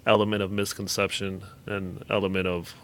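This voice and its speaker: Quick, reflective low-voiced man. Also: little pitch movement, a bit bright, a little hiss or hum. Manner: reflective, measured. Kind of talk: casual podcast chat.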